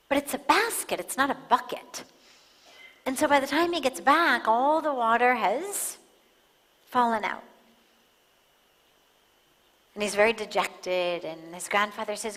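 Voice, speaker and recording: A woman giving a spiritual talk, calm and measured, pausing for emphasis as she tells a story. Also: medium pitch. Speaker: spiritual teacher. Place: large satsang hall. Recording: long hall reverb.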